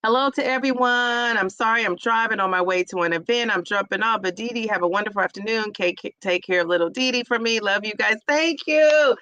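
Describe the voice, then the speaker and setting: A middle-aged woman chats effusively through a casual livestream. She greets viewers by name and reads their comments aloud. Her voice is bright and a touch high, and the sound is close and dry. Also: fairly quick, hardly any pauses, dry recording. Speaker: weight-loss vlogger hosting a livestream.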